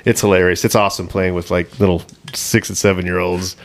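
A man's voice: low voice, little pitch movement, a little fast. A man hosting a casual comedy podcast, telling crude gaming stories and acting out quotes with bursts of laughter. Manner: crude, laughing storyteller who acts out quotes. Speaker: podcast host.

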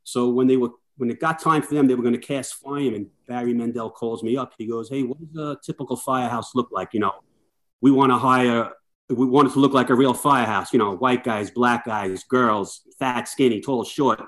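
A man's voice: mid-range voice, fairly quick. Storytelling middle-aged firefighter man. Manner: lively anecdotes, acts out quoted dialogue. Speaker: guest, firefighter. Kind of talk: casual storytelling chat.

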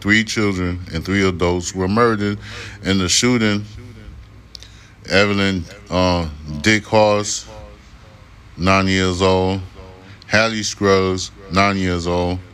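A man's voice: low-pitched, level tone, slow, pauses often, a bit bright, clean tone. A man hosting a podcast, reading news aloud and breaking into irritated, profane rants. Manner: profane, irritated ranting between read passages. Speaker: podcast host.

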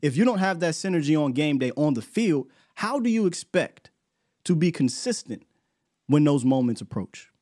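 A man's voice: a little high, very animated, normal speed, dark tone, no echo, studio quality. A man co-hosting a sports talk show, stammering as he starts and building his point with "right?".

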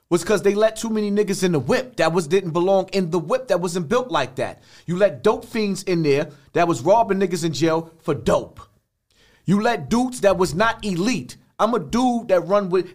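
An older man, a podcast guest talking bluntly in street slang with many restarts. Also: sits high. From the Bronx, New York. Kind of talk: podcast interview.

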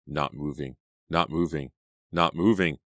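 A man's voice: extremely low pitch, a little slow, fairly bright tone, no room sound, clean studio sound, heavily acted. A man voicing a shaken, breathless teenage girl in an audiobook. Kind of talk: audiobook character voice.

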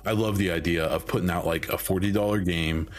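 A man's voice: sits low, fairly even intonation, a little fast. A man hosting a solo podcast in a casual, rambling way, full of ums and restarts, his voice starting to go. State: losing his voice. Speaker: podcast host.

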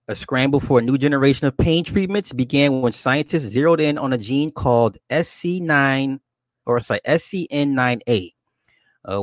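A man's voice: medium pitch, no room sound. Casual male host, rambling and repetitive, dry close sound. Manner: rambling, repeats words, swears. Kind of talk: casual chat.

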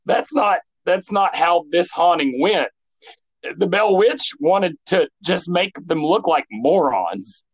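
High-voiced man telling a story. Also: slow, slightly rough, poor audio. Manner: animated, filler-heavy storytelling. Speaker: podcast co-host. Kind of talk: casual chat.

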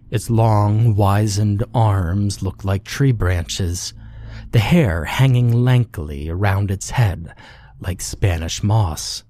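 Slow, hushed male horror narrator. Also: on the low side. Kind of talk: scripted horror story narration.

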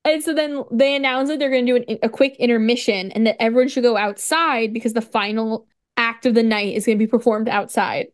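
Chatty woman podcaster, kinda high voice, tells the story fast n loose, acts out the lines, says "like" a lot. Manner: animated storytelling, acts out dialogue, frequent "like"; swears casually and laughs often. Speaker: podcast co-host. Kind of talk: casual chat recapping a video game story.

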